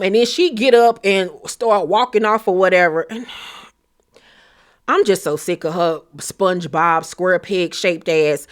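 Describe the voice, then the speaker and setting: A woman giving a blunt, profane, animated recap of a reality show in casual commentary. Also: on the low side, measured pace.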